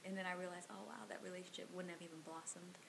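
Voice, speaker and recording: A woman's voice: lowish voice, steady tone, rapid-fire, gravelly, slight background noise. A woman co-hosting a casual faith talk, earnest and agreeable, quoting scripture. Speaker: co-host.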